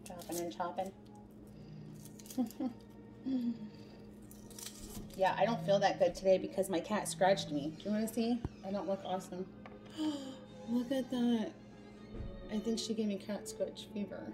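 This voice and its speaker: A woman's voice: medium pitch, normal speed, long pauses. A woman hosting a casual cooking demonstration in a home kitchen, chatting through each step as she works. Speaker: cooking show host. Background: background music.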